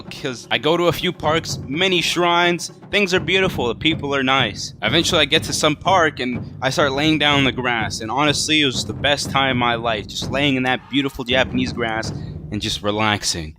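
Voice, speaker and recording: A man, a vlogger, telling a casual story to the camera in an animated, profane, self-mocking way. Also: fairly high pitch, slight background noise.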